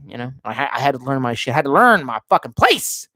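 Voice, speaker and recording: A man's voice: mid-range voice, sing-song, quick pace, hardly any pauses, pushed and bright, no room sound, clean studio sound. A man livestreaming and reading viewer chat, rambling casually and swearing a lot while drinking. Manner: profane, rambling, sardonic. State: drinking, tipsy.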